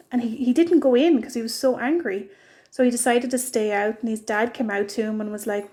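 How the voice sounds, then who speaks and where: Woman, devotional talk, higher voice, level delivery, earnest. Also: steady tone, a little fast, darkish tone. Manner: earnest storytelling. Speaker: church speaker. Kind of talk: short devotional message.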